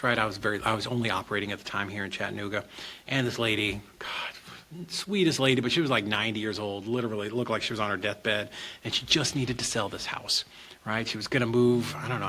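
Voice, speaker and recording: A middle-aged man, a real estate investor guest on a podcast, telling stories in an animated, expressive way and acting out quotes. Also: medium pitch, husky. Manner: animated, expressive storyteller who acts out quotes. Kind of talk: casual podcast storytelling.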